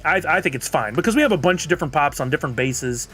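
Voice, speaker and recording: Chatty male streamer, higher voice. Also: animated, very fast, bright, forceful tone, soft background music. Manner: chatty, reads viewer comments aloud and answers them. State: has the hiccups. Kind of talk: casual live-stream chat.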